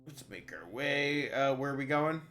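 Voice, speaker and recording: Man, stream host, reads game text, joking, energetic, mid pitch. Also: normal speed. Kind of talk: reading game text aloud and chatting on a stream.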